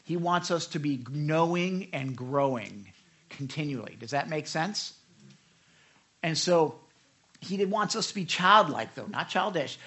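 A man preaching a sermon, telling a story and acting out quoted lines with a conversational, animated delivery and frequent asides to his listeners. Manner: animated storytelling, acts out quotes with raised pitch. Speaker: pastor.

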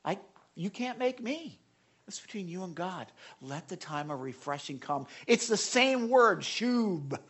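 A preacher delivering a sermon in an animated, excitable way, swinging between loud exhortation and hushed, soft lines, with frequent restarts. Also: mid-range voice, unhurried, husky. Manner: excitable, with restarts and self-corrections.

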